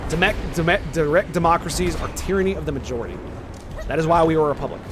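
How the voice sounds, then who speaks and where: Heated, cursing male streamer, slightly high voice. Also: quick pace, noisy background. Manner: heated, profane ranting at chat; argumentative, fires rhetorical questions. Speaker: game streamer. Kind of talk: casual live-stream chat.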